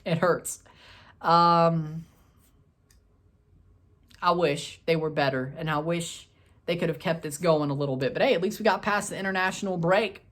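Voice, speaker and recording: A man hosting a soccer review video, ranting and scolding in repeated short bursts, with loud outbursts and low grumbling. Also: moderate pace, long pauses. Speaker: soccer fan video host. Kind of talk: post-match review rant.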